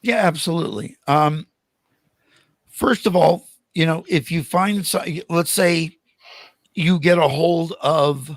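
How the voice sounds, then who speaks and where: An older man, a guest on a podcast, telling animated stories in casual conversation and acting out the voices of the people in them. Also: fairly high pitch, slow pace, long pauses, no room sound. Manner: animated anecdotes with acted-out quotes. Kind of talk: casual storytelling interview.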